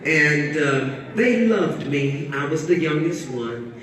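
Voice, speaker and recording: A woman's voice: deep voice, animated, slow pace, background noise. A woman author with a sassy, preachy manner, teasing and bantering with an audience at a book talk. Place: carpeted event room with an audience. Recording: echoey hall, voice picked up from far off.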